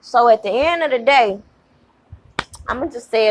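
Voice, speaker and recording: A fired-up woman rants to her channel audience, swearing freely and hammering her points home. Her voice sits a little on the high side and jumps up sharply when she gets worked up. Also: moderate pace, long pauses, slight background noise. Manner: heated, profane, emphatic, repeats herself. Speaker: channel host. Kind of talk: angry rant to camera.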